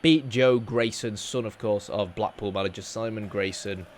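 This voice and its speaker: A man's voice: on the low side, moderate pace. Chatty man narrating football gameplay. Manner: chatty, self-deprecating, rambling with fillers. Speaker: gaming YouTuber. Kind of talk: casual gameplay commentary.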